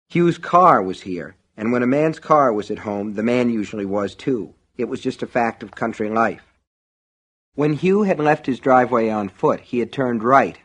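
A man's voice: medium pitch, fairly bright tone. Man narrating an audiobook steadily.

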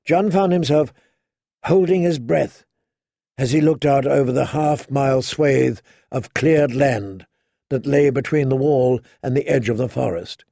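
A man narrating an audiobook in a measured, dramatic storytelling manner on a close studio mic. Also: medium pitch, vocal fry, mellow, dry recording. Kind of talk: scripted narration.

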